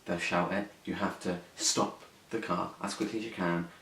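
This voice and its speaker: A man's voice: low-pitched, fairly even intonation, moderate pace, fairly bright tone. A young man telling a story on his vlog, sweary, rambling and indignant. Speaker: vlogger. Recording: echoey room, mic at a distance, faint hiss.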